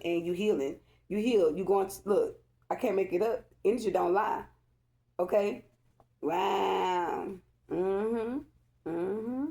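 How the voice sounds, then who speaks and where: A woman with a medium-pitched, dark-toned voice does a casual spiritual tarot reading for viewers. She addresses them again and again, asking "okay?", and her talk is chatty, emphatic, repetitive and loosely phrased.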